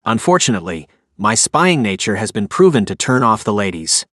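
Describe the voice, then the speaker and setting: A man's voice: fairly low pitch, big pitch swings, a little fast, a bit bright, no echo, studio quality. A man voicing a cocky, playful gadget inventor in an audiobook, with a boastful way of talking.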